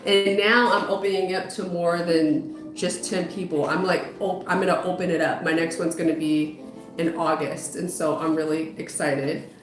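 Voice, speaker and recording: A woman's voice: fairly low pitch, steady tone, normal speed. A woman, a spiritual medium and psychotherapist, chatting casually with viewers on a livestream while giving tarot readings; she greets people and often trails off and restarts. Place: home, dog heard outside. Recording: roomy sound with music behind.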